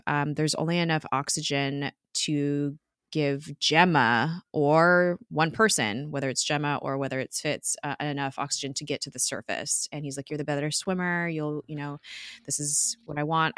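A woman recapping a TV episode in casual chat, rambling and animated, laughing often. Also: low-pitched, clean tone, dry recording, studio quality. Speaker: podcast co-host recapping a TV episode.

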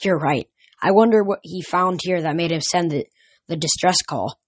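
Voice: mid-range voice, moderate pace, lightly acted. Brief: tough punk teen girl, sure of herself, as a reader puts her on. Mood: confident. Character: bold teenage girl in punk clothes.

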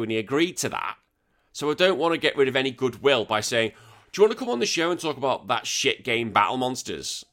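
Excitable British podcast host, bright voice. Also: male voice, mid-range voice. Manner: excitable, swearing, laughing between thoughts. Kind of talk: casual chat reading listener comments.

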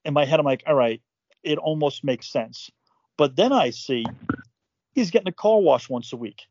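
Animated swearing man with a slightly high voice. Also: moderate pace, no room sound, dull audio. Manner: animated, swears freely, repeats words, acts out quotes. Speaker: podcast co-host telling his story. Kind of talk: casual profane storytelling.

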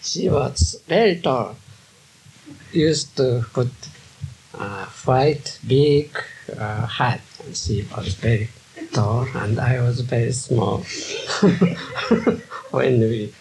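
Very slow, gravelly older Japanese-accented man. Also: medium pitch, a little hiss or hum, rough recording. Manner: halting, with many fillers and soft laughs. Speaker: Zen teacher recalling his past. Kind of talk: archival talk, reminiscing.

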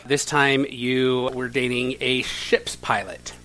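A man's voice: medium pitch, level tone, slow, sharp tone. A man co-hosting a comedy podcast, playfully setting up scenarios and feeding the others prompts for puns. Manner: playful setup questions. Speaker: podcast co-host. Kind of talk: comedy banter, setting up bits.

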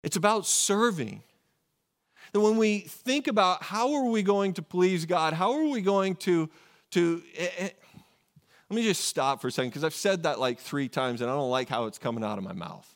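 A man's voice: high voice, lively intonation, moderate pace. A man preaching a sermon in a conversational way, often asking rhetorical questions and correcting himself. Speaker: pastor.

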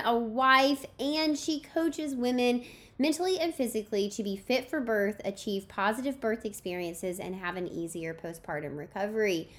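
Enthusiastic woman podcast host, higher voice. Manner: enthusiastic, effusive. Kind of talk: podcast interview.

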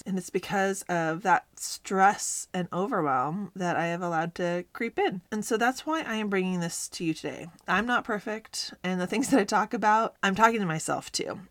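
A woman's voice: lowish voice, fairly bright tone, dry recording. A woman in her thirties hosting a faith-based mom podcast, talking casually and earnestly from a home closet with a slightly scratchy morning voice. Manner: upbeat, earnest, encouraging. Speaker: podcast host.

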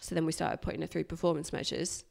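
A woman, a guest recounting a hard workplace experience in a candid, animated way. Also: low voice, quick pace, vocal fry. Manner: animated, emphatic retelling with bursts of loudness. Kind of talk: candid personal storytelling.

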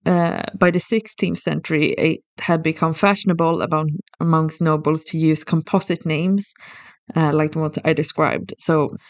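A co-host with a medium-pitched, middle-register voice speaks at normal speed with fairly even intonation. In a dry, roomless recording, he thoughtfully explains a subject step by step for a casual podcast, frequently restarting phrases.

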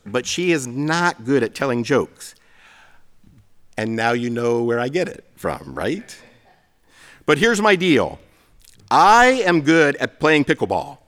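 A middle-aged pastor preaching a sermon, telling stories with self-deprecating humor. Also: male voice, on the high side, fairly bright tone.

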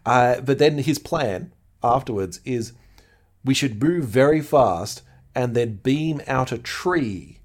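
A man co-hosting a podcast recaps a TV episode in a casual, eager chat, quoting lines from the show. His voice is medium-pitched with lively intonation, and he takes his time.

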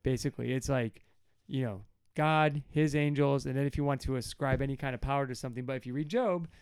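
A man's voice: fast talker, darkish tone, clean tone, no echo. A man co-hosting a podcast, chatting casually about scripture with many fillers and rambling asides. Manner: rambling, many fillers, acts out quotes in a high whiny voice. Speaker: podcast co-host. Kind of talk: casual Bible study chat.

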